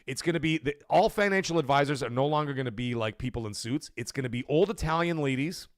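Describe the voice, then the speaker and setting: A man hosts a gaming livestream, ranting casually and animatedly, his pitch leaping around amid loud bursts and free swearing. He talks quickly, and the audio is clean studio quality with no echo.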